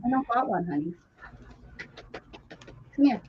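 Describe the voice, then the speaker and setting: A woman hosting a casual craft livestream, chatty and animated, greeting viewers by name. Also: on the high side, unhurried, narrow, tinny audio, a loud crowd.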